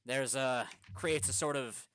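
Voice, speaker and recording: A woman's voice: rumbling low, measured pace, slight background noise. A woman narrating as game master in a streamed tabletop game, playful and laughing often.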